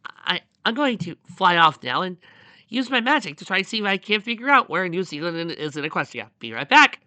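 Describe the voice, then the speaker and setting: A reader voicing a boastful female magician pony, excitable and showy. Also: medium pitch, brisk, no echo, pitched above the performer's own voice. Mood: excited. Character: boastful magician mare speaking of herself in third person.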